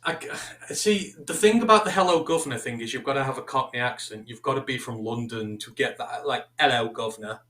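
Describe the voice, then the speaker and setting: A man's voice: mid-range voice, fairly quick, few pauses, a bit bright. A man co-hosting a casual sports talk show, giving long, detailed analytical answers. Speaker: co-host. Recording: echoey room.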